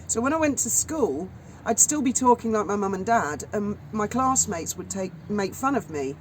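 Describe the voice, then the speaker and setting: A woman's voice: medium pitch, lively intonation, normal speed, slight background noise, poor audio. Chatty woman telling stories outdoors. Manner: chatty storyteller. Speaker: co-host of a chat stream. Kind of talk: casual chat. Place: outdoors at sunset.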